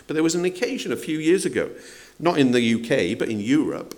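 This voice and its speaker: A man's voice: on the high side, very animated, a little fast, a little mellow. A man preaching a sermon in a conversational way, asking the congregation questions and acting out quotes. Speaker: pastor.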